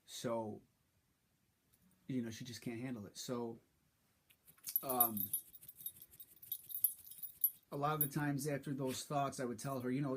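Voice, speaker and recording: Man, vlog confessional, husky tone, halting and frustrated delivery. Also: medium pitch, level tone. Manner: halting and frustrated, many restarts. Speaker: vlogger. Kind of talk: personal story.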